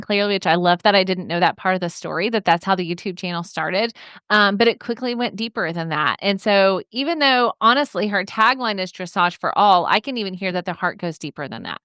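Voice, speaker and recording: Bright-voiced woman podcast host. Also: fairly low pitch, smooth, no room sound, clean studio sound. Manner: reflective, affirming commentary. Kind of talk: casual podcast interview.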